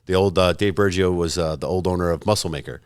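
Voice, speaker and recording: Deep-voiced, swearing man telling stories. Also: fast, clean tone, no echo, clean studio sound. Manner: profane, storytelling, acts out both sides of conversations. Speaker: podcast guest. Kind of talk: casual podcast chat.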